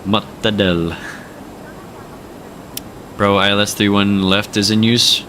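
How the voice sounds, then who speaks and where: Young man, slangy, bright-toned streamer. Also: fairly low pitch, level tone, normal speed, a little hiss or hum. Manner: slangy, joking, drops into put-on accents. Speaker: flight sim streamer. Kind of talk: casual livestream chat.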